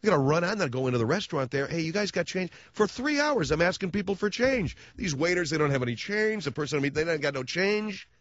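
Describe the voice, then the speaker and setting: A man's voice: a little high, fast, hardly any pauses, no room sound, lo-fi sound. A man hosting a radio talk show, telling rambling comic stories with sarcastic asides. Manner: animated ranting storyteller, sarcastic asides. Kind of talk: rambling comic monologue on air. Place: radio studio.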